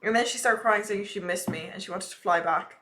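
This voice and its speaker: A woman's voice: mid-range voice, a little fast, sharp tone. A young woman streaming live, chatting casually and ranting with a lot of swearing.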